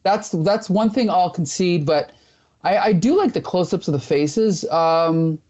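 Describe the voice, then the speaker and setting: A man co-hosting a relaxed discussion about comic books. He rambles and thinks aloud, his voice dark and mellow. The audio sounds dull and lo-fi. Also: high-pitched, a little slow. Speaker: podcast co-host.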